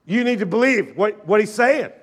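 A man preaches a fervent sermon in a high, bright voice. He calls on his listeners to say lines back to him. He plays their doubts in a lower tone before answering them. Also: animated, moderate pace, breathy edge. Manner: acts out doubters' objections in a lower, quieter voice. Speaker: pastor.

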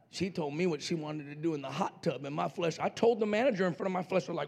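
A middle-aged male pastor from New Mexico telling a story in a sermon, playfully acting out voices and swinging from quiet asides to shouting. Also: fairly high pitch, fast, vocal fry, hardly any pauses. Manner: playful, acts out voices in his stories.

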